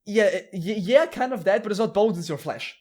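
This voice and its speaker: A man's voice: sits high, lively intonation, normal speed, darkish tone. A man hosting a podcast, explaining things at length in casual chat, with frequent restarts and blunt wording. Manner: explains at length, with many restarts and some laughing. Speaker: podcast host explaining lore.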